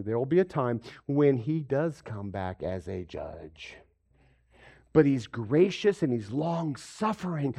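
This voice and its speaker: A man preaching a sermon as pastor, asking his listeners questions and acting out the lines he quotes. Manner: animated, acts out quoted voices with big pitch jumps; asks the congregation questions.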